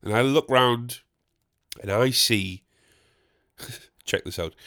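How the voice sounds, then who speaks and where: A man's voice: medium pitch, takes it slowly, pauses often, fairly bright tone. A man hosting a podcast, telling a rambling comic story with lots of swearing and questions he asks himself, then answers. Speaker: podcast host.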